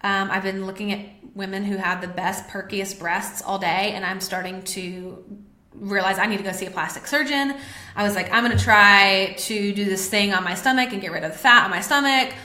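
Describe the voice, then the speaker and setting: A woman's voice: mid-range voice, fairly quick, sharp tone, reverberant. A woman hosting a live-streamed talk, speaking candidly and confessionally to her viewers, with plenty of fillers. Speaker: podcast host. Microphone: webcam or phone on a live stream.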